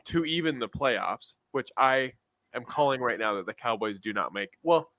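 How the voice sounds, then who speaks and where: A man's voice: medium pitch, lively intonation, normal speed, sharp tone, slight background noise. A man co-hosting a casual sports podcast, rambling and often restarting his sentences. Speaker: podcast co-host.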